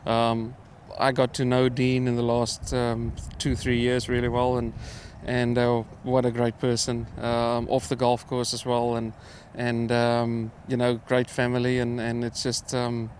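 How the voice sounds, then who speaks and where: Relaxed man with faint outdoor noise. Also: mid-range voice, measured pace, few pauses. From South Africa. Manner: relaxed, hesitant with many fillers. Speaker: professional golfer, guest. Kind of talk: casual interview. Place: outdoors at a golf course.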